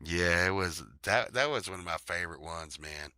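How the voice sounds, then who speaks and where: A man's voice: deep voice, moderate pace, bright, forceful tone, no echo. A man hosting a show in casual chat, rambling, swearing freely and laughing often.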